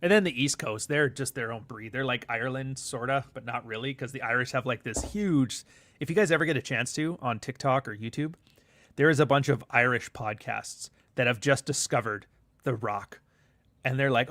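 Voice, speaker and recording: A man's voice: mid-range voice, brisk, a bit bright, dry recording, clean studio sound. Rambling Canadian man on a livestream. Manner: rambling, profane, reads chat aloud. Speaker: livestream host. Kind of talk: casual livestream chat.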